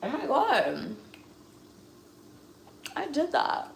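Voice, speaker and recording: A woman's voice: sits high, wildly swooping pitch, very slow, creaky. A young woman hosting a casual live cooking stream from her home kitchen, chatty and blunt, with casual swearing. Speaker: livestream host. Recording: roomy kitchen echo, faint background noise.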